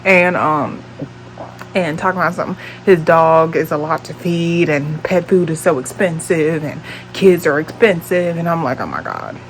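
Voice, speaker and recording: A woman's voice: low voice, fairly even intonation, normal speed, slight background noise, rough recording. A woman in her late twenties telling a dating story on her vlog in a blunt, profane, exasperated way. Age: late 20s. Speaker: vlogger.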